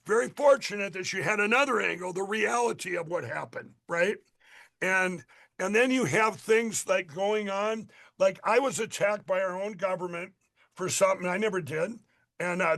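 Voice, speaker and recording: A middle-aged man from Minnesota with a high voice for a man, a candidate guest on a radio interview. He rambles and pushes his points hard, restarting sentences again and again as he builds momentum. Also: a bit bright. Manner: rambling, emphatic, many restarts.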